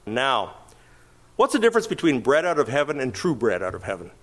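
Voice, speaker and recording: Lively-pitched male preacher. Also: brisk. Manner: animated preaching, rhetorical questions, occasional chuckles. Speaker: pastor. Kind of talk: sermon.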